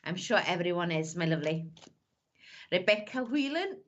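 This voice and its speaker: A woman's voice: fairly low pitch, animated, normal speed, dull audio. A woman, a psychic medium chatting affectionately with viewers on a live stream. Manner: chatty, calls everyone "my lovely". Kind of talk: live-stream greetings and reading.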